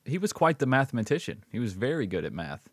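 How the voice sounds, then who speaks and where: A man's voice: medium pitch, big pitch swings, fast talker, breathy edge, no room sound, studio quality. A man co-hosting a podcast in casual chat, easygoing, swearing freely and calling his friend bro and dude. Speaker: podcast co-host.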